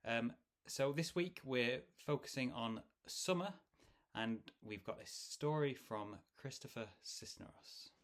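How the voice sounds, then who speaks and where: A man's voice: medium pitch, expressive, measured pace. Man casually introducing a podcast episode. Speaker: podcast host.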